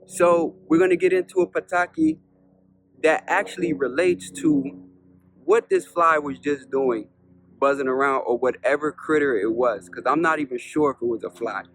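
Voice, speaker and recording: A man who is a spiritual teacher, telling a parable as a lesson in an unhurried way, repeating points and asking rhetorical questions. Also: a little high, fairly bright tone. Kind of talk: storytelling lesson.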